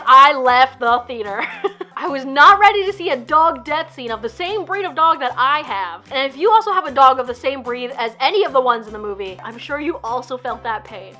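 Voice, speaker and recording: A woman's voice: high-pitched, pushed and bright. A woman vlogging to camera, teary and close to crying, gushing emotionally and laughing through her tears. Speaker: YouTuber reviewing a film. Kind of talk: casual vlog talk to camera.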